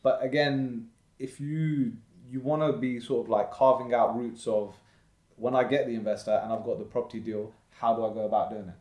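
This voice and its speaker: A man's voice: mid-range voice, steady tone, moderate pace, a little mellow. Upbeat motivational man, roomy sound. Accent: London-area English. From Slough, England. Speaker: guest, property investor. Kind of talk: casual podcast conversation. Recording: roomy echoey room.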